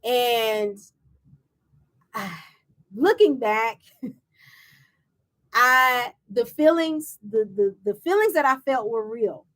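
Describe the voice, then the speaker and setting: A woman who founded and hosts her show tells a personal story to a live audience, animatedly acting out quoted voices and laughing. Her voice is on the high side, and she speaks slowly with frequent pauses.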